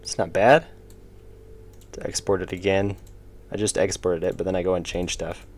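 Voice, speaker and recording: A man's voice: steady tone, moderate pace, a little mellow, a little hiss or hum. A man, chatting casually on a livestream while he draws, often muttering to himself. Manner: low-key, mutters to himself while working. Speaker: indie game developer streaming. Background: faint background music.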